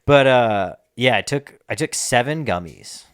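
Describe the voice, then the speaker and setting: A man's voice: medium pitch, animated, unhurried, fairly bright tone, smooth, dry recording, studio quality. A man co-hosting a podcast, telling a story in a casual, laid-back way, swearing and laughing now and then. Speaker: podcast co-host.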